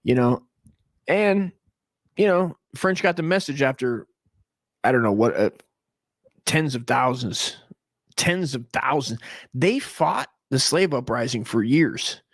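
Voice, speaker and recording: Profane rambling guy in his 40s, mid-pitched, dry close sound, keeps trailing off. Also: expressive, takes it slowly, long pauses, no room sound. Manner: crude, rambling, trails off and restarts, mock voices for others. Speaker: comedy podcast host. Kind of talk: rambling profane comedic monologue.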